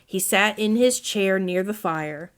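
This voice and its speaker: A woman reading a children's storybook aloud as narrator, in a gentle read-aloud manner. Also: medium pitch, a little slow.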